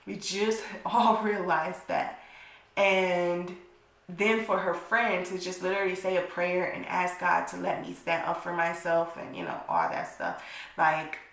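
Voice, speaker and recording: A woman's voice: on the low side, expressive, a little slow, gravelly, fairly bright tone. A young adult woman vlogger telling a blunt, profane storytime and acting out the people in it. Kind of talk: storytime vlog. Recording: echoey room.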